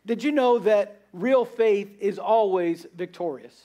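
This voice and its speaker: A man's voice: high-pitched, unhurried, mellow. A man preaching a sermon, earnest and repeating his points for emphasis.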